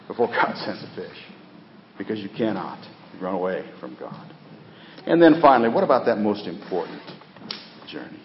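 A middle-aged man preaching a sermon in a church, swinging from loud, rising appeals to quiet, dropped phrase endings. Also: fairly low pitch, in a large hall, highs cut off, noisy background. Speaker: pastor. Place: church sanctuary.

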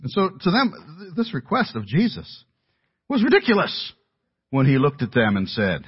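A man's voice: mid-range voice, wildly swooping pitch, normal speed, slightly rough. A man preaching an earnest sermon, stressing key points and building to emphatic peaks. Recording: dull lo-fi audio.

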